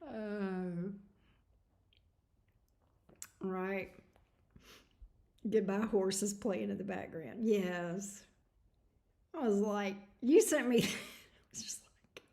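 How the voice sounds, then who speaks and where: A woman's voice: medium pitch, animated, extremely slow, gravelly, long pauses, mellow. A woman hosting a tarot livestream, chatting casually with viewers in a snarky, laughing way, tired. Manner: snarky, laughing, reading chat messages aloud.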